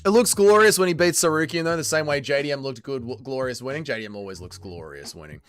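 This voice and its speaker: A man's voice: mid-range voice, expressive, fast, a bit bright, faint music behind. A man hosting a casual livestream, reading chat aloud and bantering with it, swearing and exasperated.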